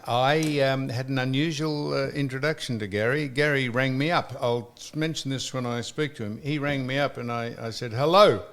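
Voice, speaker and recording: A man's voice: medium pitch, fairly even intonation, moderate pace, hardly any pauses, fairly bright tone. An Australian man hosting a casual podcast chat, telling a story animatedly, acting out both sides of a phone call, swearing freely and laughing between lines. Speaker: podcast host.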